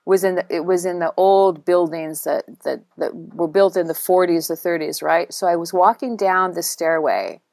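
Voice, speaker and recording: A middle-aged woman with a slightly low voice talks through her memories in a halting, searching way. She restarts and repeats herself as she reaches for words. The sound is dry and close, with no room behind her. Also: creaky, darkish tone, no echo. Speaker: guest, writing workshop teacher for veterans. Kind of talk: emotional personal interview.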